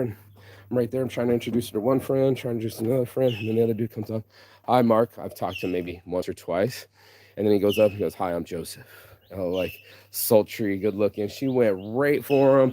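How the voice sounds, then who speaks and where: Outdoors among the trees, a man with a lowish, slightly mellow voice rants in a casual vlog, with slight background noise. He tells a story with lots of energy, rambling and using plenty of slang.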